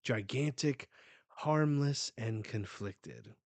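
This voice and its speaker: A man's voice: medium pitch, slow pace, gravelly, darkish tone, no echo. A man reading the lines of a cold, godlike male ruler who speaks in formal old-fashioned language, from a manga. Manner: formal old-fashioned speech read aloud.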